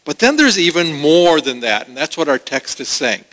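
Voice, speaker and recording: A pastor preaching a sermon in an earnest, pausing way, with restarts. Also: male voice, a little high, big pitch swings, fairly bright tone, big-room sound, rough recording.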